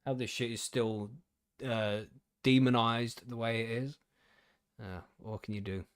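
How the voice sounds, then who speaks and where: A man's voice: medium pitch, fairly even intonation, unhurried, clear, resonant tone, no echo. Laid-back man, dry close mic. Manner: laid-back, swears casually, laughs often. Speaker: podcast co-host. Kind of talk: casual chat, reading news aloud.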